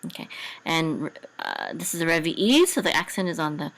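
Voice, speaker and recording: A woman's voice: low voice, lively intonation, normal speed, rough recording. A woman teaching a language lesson, patiently sounding out words syllable by syllable, with hesitant fillers and restarts. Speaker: Hebrew and Torah cantillation teacher.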